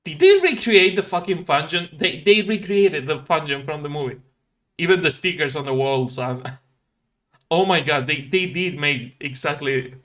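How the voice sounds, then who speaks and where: A streamer casually commenting on a video game, swearing and joking loudly. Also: mid-range voice, lively intonation, moderate pace. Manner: crude, joking, loud outbursts. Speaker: let's play streamer.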